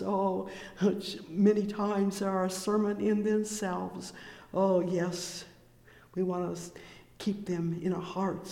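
A preacher delivering a sermon, reading scripture in old King James wording and filling the pauses with "oh, yes" and "praise the Lord.". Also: mid-range voice, vocal fry, dark tone, reverberant, in a large hall.

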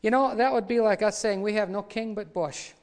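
A man preaching a sermon, retelling the story dramatically and voicing the quoted lines louder. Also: high-pitched, a little fast. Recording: long hall reverb.

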